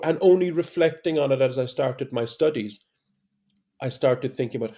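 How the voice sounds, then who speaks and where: A middle-aged man with a mellow, warm voice tells stories as a podcast guest. He talks in an animated way and restarts often, with the easy pace of casual conversation. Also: mid-range voice, normal speed. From Ireland. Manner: animated storytelling, many restarts.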